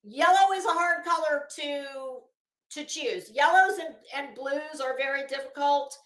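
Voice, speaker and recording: Recorded in an echoey room, a woman with a high-sitting, fairly bright voice chats unhurriedly on a stream. The talk is casual and rambling, full of restarts and filler words.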